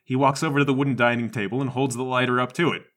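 A man narrating a tabletop game as game master, in a playful, animated way. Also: medium pitch, racing.

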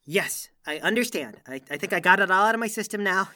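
A man's voice: high-pitched, lively intonation, quick pace, pushed and bright, full character voice. A man playing a stammering starstruck new recruit. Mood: nervous. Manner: stammering, eager, flustered. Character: starstruck nervous young male superhero recruit.

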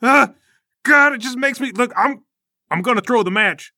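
A man's voice: extremely high pitch, moderate pace, pushed and bright, no echo, clean studio sound, voice pushed up, full character voice. A man voicing a big, self-righteous male fighting champion who declaims in indignant outbursts during a tabletop role-play game.

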